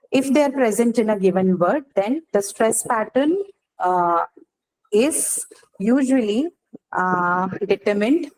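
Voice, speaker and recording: A woman's voice: medium pitch, a little mellow, rough recording. Woman teacher explaining step by step. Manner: explains step by step, often checks in with students. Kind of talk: classroom lecture.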